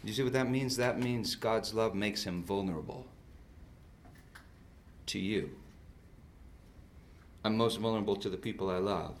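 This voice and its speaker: A man in his fifties preaching a sermon and telling stories, swinging between loud outbursts and soft drops. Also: on the low side, measured pace, long pauses, slight background noise. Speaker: pastor.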